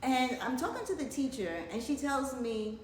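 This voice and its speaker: A middle-aged woman telling a family story in casual chat, talking fast and rambling, often breaking into laughter. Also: high voice, sing-song, echoey room, slight background noise.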